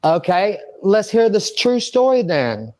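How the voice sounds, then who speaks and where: A man's voice: sits high, big pitch swings, a little slow, darkish tone. Agitated, rambling man in an interview. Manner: rambling, agitated, swearing, talks to himself. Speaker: interview subject. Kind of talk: emotional interview monologue.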